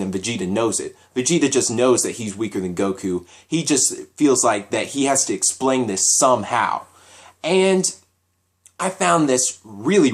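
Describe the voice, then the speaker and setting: A man giving a casual solo anime episode review, talking in an animated, repetitive way as he thinks aloud. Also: mid-range voice.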